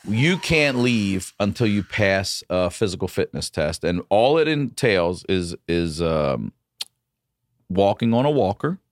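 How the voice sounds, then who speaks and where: A man, a comedian guest on a podcast, telling a story in a casual, profane and animated way. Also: low voice, unhurried, dry recording, clean studio sound.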